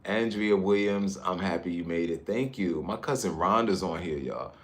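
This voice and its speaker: Deep voiced guy from jersey, chill livestream chat on his phone, talking to his viewers. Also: moderate pace. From Newark, New Jersey. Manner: laid-back, chatty, drifts between comments. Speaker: livestream vlogger. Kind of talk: casual livestream chat reading viewer comments. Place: high-rise hotel room.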